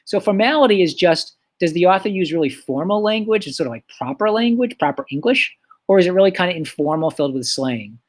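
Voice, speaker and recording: A man teaching a recorded lesson, explaining things in a relaxed way with lots of fillers. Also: sits high, fairly quick.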